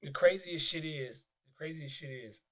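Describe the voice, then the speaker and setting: A man with a Detroit accent, a podcast guest telling stories in casual, profane, animated talk with many restarts. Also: on the high side, normal speed. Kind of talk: casual interview chat.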